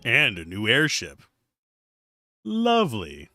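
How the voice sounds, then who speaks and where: A man's voice: mid-range voice, huge pitch swings, slow, pushed and bright, no room sound, faint music behind. A man streaming a game live, playfully reading dialogue aloud and joking about it.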